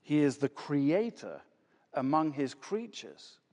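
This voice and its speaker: High, lively male preacher in a hall. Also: slow. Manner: emphatic, with rhetorical questions and repeated words. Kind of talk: sermon. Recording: long reverb of a large hall.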